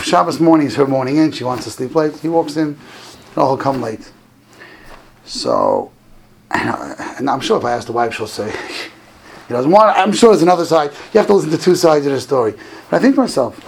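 Gravelly man telling a Torah talk. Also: brisk, a little hiss or hum, low-quality recording. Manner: animated storytelling, climbs high and loud for quoted lines. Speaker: rabbi giving a talk. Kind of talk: Hanukkah talk with stories.

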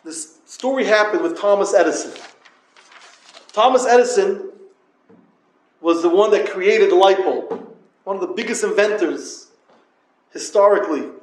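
A man's voice: sits high, measured pace, pauses often. A man giving a Torah talk to yeshiva students in yeshivish English, speaking straight to them and telling a story. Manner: storytelling, addresses listeners directly; Yiddish-inflected yeshivish English. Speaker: yeshiva lecturer. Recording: echoey room.

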